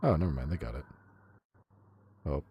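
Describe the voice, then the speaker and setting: A man's voice: rumbling low, expressive, normal speed, muffled recording, a little hiss or hum. A man streaming live, reacting to videos with profane, incredulous commentary.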